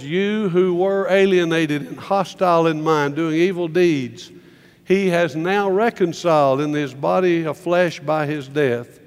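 A male preacher with a slightly higher voice gives an earnest sermon, restarting phrases as he presses his point. The sound carries a long reverb, as in a large hall. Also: clean tone. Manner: earnest, repeats words, lifts voice on quotes. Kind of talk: sermon with slides.

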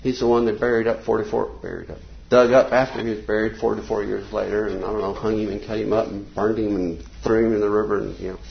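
A man teaching an informal Bible class from slides, rambling between points and reading quotes slowly and emphatically. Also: fairly low pitch, steady tone, creaky, slight background noise. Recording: dull lo-fi recording.

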